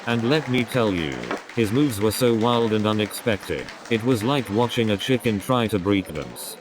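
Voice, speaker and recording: A man's voice: lowish voice, animated, normal speed. A man doing a stand-up comedy routine, rambling through setups and repeating his catchphrases. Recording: crowd noise behind the voice.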